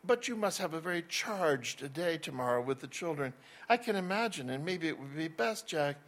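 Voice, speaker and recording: A man reading aloud as a fastidious, guarded woman from a wealthy family. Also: a little high, animated, a bit bright. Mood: polite. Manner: fastidious and reserved.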